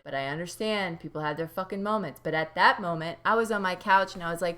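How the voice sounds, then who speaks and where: A woman's voice: lowish voice, quick pace, few pauses, sharp tone. A young woman recapping a reality show in a casual, profane and rambling way, full of asides and jokes. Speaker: TV recap vlogger.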